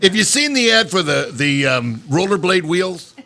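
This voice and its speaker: A man's voice: sits high, big pitch swings, moderate pace. A man hosting a live comedy show, joking between acts and introducing the comics. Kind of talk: live emcee patter. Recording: live room with audience. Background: crowd.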